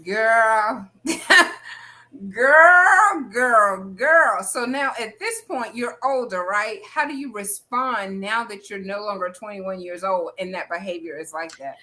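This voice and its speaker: A woman hosts a casual interview with a bright, forward voice. She reacts openly to her guest, jumping in with questions and remarks. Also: medium pitch. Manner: expressive, reactive, quick to laugh and interject. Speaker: host.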